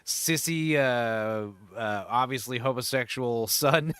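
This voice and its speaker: A man hosting a casual chat show, talking about films in a rambling, animated way with lots of fillers and laughs. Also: mid-range voice, takes it slowly, smooth, no echo. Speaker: host.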